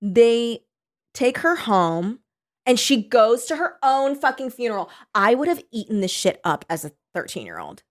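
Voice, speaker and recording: A woman's voice: fairly high pitch, moderate pace. A woman chatting casually about a book with a friend, laughing a lot and acting out lines from it. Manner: animated, laughs often, acts out quotes.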